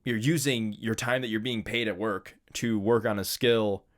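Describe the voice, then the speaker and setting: A man's voice: on the low side, fairly even intonation, normal speed. A man co-hosting a podcast in casual chat, telling stories loosely and laughing often. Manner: laid-back storyteller, laughs often, loose filler-heavy phrasing. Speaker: podcast co-host.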